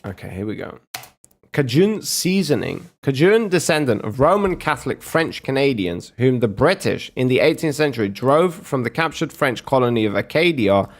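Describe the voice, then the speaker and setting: A man's voice: mid-range voice, big pitch swings. A man streaming casual reaction commentary, swearing and mocking as he talks. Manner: profane, mocking, drawn-out.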